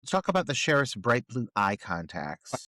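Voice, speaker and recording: A man's voice: medium pitch, big pitch swings, moderate pace, pushed and bright, no room sound. A man co-hosting a horror movie podcast, picking apart plot holes in a profane, incredulous rant. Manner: incredulous, profane ranting critique. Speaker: podcast co-host. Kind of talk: casual movie review chat.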